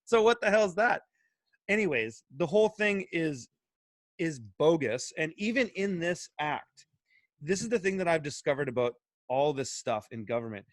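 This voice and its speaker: A man and farmer, talking in an animated, excited way, full of restarts and emphatic questions. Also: fairly high pitch, normal speed, dry recording. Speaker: guest, urban farmer. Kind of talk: animated casual discussion.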